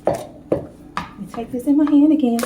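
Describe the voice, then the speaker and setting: A woman's voice: high voice, fairly even intonation, a little slow, echoey room, noisy background. Chatty woman baking in a kitchen. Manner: chatty, heartfelt, talks straight to viewers. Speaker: home baking vlogger. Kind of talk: casual cooking demo chat. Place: home kitchen.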